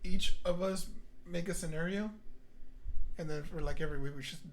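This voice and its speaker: A man chiming into a friends' podcast with short, blunt, teasing lines. His voice sits a little higher than most men's. A faint hiss runs underneath. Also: fairly even intonation, moderate pace. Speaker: podcast co-host. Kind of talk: casual chat among friends.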